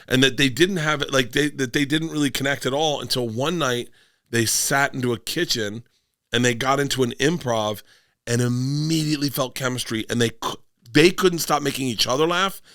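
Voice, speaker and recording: A man's voice: mid-range voice, normal speed, a bit bright, no room sound, clean studio sound. A middle-aged man from Florida, a comedian guest telling rambling stories in casual podcast chat and acting out quotes in bursts.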